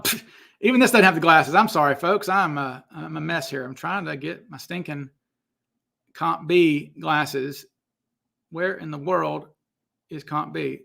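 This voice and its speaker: A man's voice: a little high, gravelly, sharp tone. A man hosting a casual livestream Q&A, rambling and breaking off to apologize while he hunts for files. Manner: rambling, self-interrupting, apologetic asides. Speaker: host answering viewer questions.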